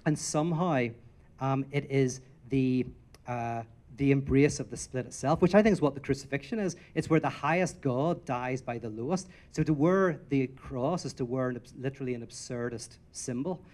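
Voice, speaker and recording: A man's voice: mid-range voice, moderate pace. A man answering audience questions in a rambling, lecture-style talk, acting out the voices of the stories he tells. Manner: rambling and animated, acts out quotes in storytelling.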